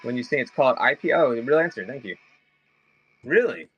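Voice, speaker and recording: A man's voice: medium pitch, animated, brisk, fairly bright tone, slightly rough, muffled recording, soft background music. A man chatting casually with viewers during a live auction stream, rambling and addressing them by name.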